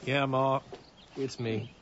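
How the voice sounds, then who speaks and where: An actor playing a beaten, hunted young farmhand on the run in a radio drama, weak and hurt, speaking in a low, blunt, tired rural drawl. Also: male voice, flat delivery, takes it slowly, a bit bright. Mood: hushed. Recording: slightly dull, with faint hiss.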